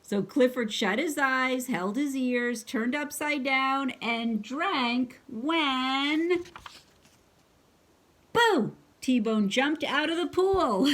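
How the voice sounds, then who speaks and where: A woman's voice: high voice, slow pace, few pauses, fairly bright tone. A woman reading a picture book aloud to her child, breaking off for chatty asides and playful hiccup noises. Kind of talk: casual storybook read-aloud.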